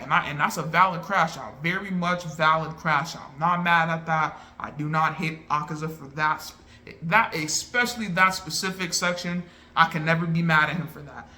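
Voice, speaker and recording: An excitable man chats through an anime movie review in loose, slangy talk. His bright voice sits slightly high for a man, and he speaks with lively energy. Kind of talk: casual chat.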